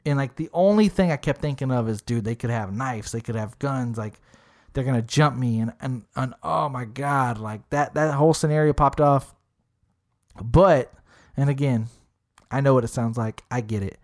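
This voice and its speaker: Man in casual chat retelling a run-in, cusses freely, lots of filler words, animated delivery. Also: medium pitch, moderate pace. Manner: heavy swearing, fillers like "literally" and "dude"; animated retelling, acting out quotes.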